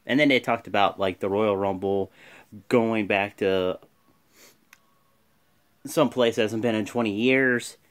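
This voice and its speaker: A man casually and excitably recapping a wrestling show for his viewers. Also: fairly low pitch, a little slow, pauses often. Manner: excitable, animated retelling. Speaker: video host.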